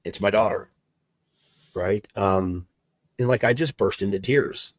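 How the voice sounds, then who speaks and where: A middle-aged man telling his personal story as a podcast guest, heartfelt and halting, with many fillers and restarts. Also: on the low side, no room sound, low-quality recording. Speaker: guest, recruiter and agency owner.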